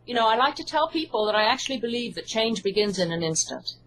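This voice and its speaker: A woman's voice: fairly high pitch, sing-song, quick pace, crowd noise, rough recording. A woman with an English accent, a hypnotherapist answering interview questions in an earnest, reassuring way. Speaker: hypnotherapist and author.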